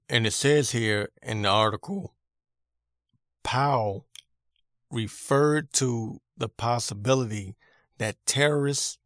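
A man's voice: medium pitch, fairly bright tone, no room sound, clean studio sound. A man hosting his own podcast, giving an irritated, emphatic opinion rant and repeating his points for emphasis. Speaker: podcast host.

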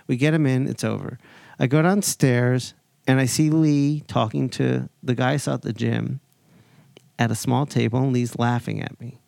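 A man in his forties spins a casual anecdote and slips into other people's voices as he goes. His voice has a gravelly edge. The sound is dry and close, with no room around it. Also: medium pitch, moderate pace, no echo. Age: 40s. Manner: animated anecdote-telling, acts out other people's lines. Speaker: podcast host. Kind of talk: casual storytelling chat.

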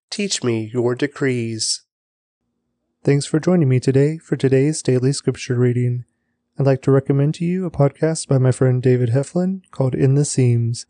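Man reading scripture, dark and dry. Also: fairly high pitch, no room sound. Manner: measured, deliberate reading with slowed emphasis. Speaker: scripture reader, podcast host.

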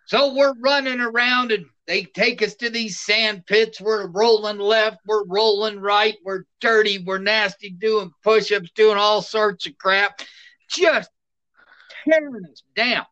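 This middle-aged retired soldier tells plainspoken anecdotes in a casual interview, animated and laughing as he goes. His voice sits high and he speaks slowly. The audio sounds dull.

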